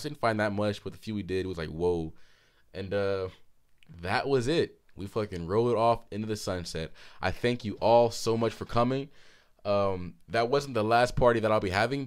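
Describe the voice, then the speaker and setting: A man in his twenties co-hosting a podcast, telling a story animatedly with frequent laughter and swearing, a bit hoarse. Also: fairly low pitch. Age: 20s. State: hoarse throat. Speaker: podcast co-host. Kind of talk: casual chat.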